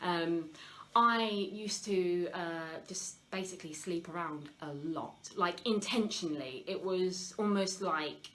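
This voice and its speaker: A woman's voice: fairly low pitch, slow pace, low-quality recording. Woman, live-stream host, confessional, chatty, fillers and restarts. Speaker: health talk host. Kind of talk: live Q&A, personal sharing.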